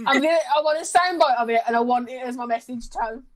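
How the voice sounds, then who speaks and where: A woman with a high voice firing off quick, teasing quips at her friends on a live stream. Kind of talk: casual chat on a live stream.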